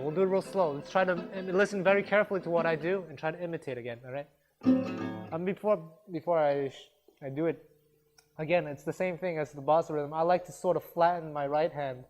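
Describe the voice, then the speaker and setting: A man with a somewhat high voice leads a guitar workshop, counting out beats and singing rhythm syllables to his students. His manner is relaxed and encouraging, and he pokes fun at himself. Guitar music rings clearly in the background. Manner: relaxed, encouraging, self-deprecating. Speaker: guitar teacher. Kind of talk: instructional workshop talk. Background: guitar playing.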